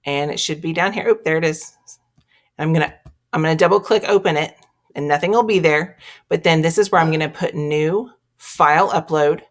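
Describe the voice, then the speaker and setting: Low-voiced Texan woman teacher. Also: normal speed. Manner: chatty, step-by-step, narrating her clicks. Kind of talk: screen-recorded tutorial.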